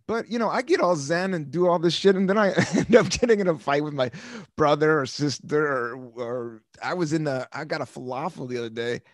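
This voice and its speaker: An American man in his fifties hosts a podcast in clean studio sound with no echo, his voice on the high side and brisk. In a casual monologue he rambles through stories, swearing freely and laughing often.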